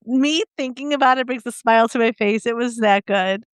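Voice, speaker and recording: A middle-aged woman co-hosts a casual podcast, chatty and excited, with a smooth, resonant voice a little higher than most. The sound is dry and close, with no room behind it. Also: normal speed, dry recording. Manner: chatty and enthusiastic, laughs often. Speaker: podcast co-host. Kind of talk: casual chat.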